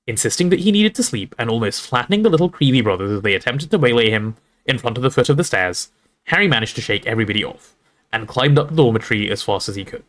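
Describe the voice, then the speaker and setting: A man reading a novel aloud on a livestream in an expressive, storytelling way, with casual asides to his audience. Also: mid-range voice, fast talker.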